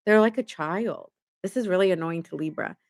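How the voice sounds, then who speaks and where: A woman with a lowish voice gives a casual live tarot reading, talking fairly quickly. She's chatty, often laughing as she acts out what people say on her stream.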